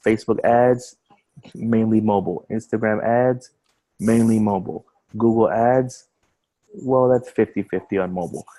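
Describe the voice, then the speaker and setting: Guy with a lowish voice doing a casual marketing webinar over a video call, repeats himself a lot. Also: steady tone, normal speed, dark tone, rough recording. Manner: casual, repeats words and restarts phrases while explaining. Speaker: online marketing trainer. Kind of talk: screen-share webinar walkthrough.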